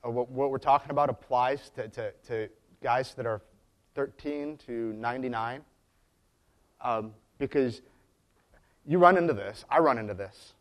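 A man's voice: medium pitch, normal speed, long pauses. Chatty storytelling preacher man. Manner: chatty storytelling with frequent restarts. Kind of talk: conversational sermon.

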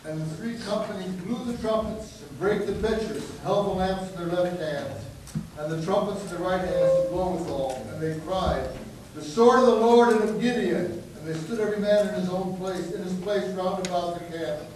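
A man reads scripture aloud at a steady, measured pace. He sits well away from the microphone in a very echoey room. Background noise runs clearly under his voice. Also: high voice. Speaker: scripture reader. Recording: distant echoey noisy room mic.

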